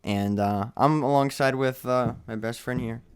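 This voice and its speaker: A young man hosting a podcast, chatting casually and joking around in quick banter. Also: mid-range voice, noisy background. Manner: joking, rapid banter with frequent laughter. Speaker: podcast host. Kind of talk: casual chat.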